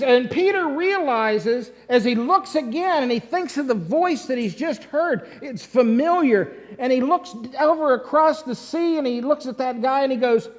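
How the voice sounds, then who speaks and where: Brief: male pastor, unhurried storytelling sermon, asks the congregation questions. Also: very high-pitched. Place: church sanctuary. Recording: long church-hall reverb.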